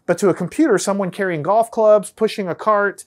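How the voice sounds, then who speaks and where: This is a man with a Texan American accent talking through a classroom lesson at his own easy pace. His delivery is conversational, and he keeps checking in with a quick "right?" and stumbles back over his phrases now and then. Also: high-pitched. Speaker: teacher. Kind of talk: casual whiteboard lecture.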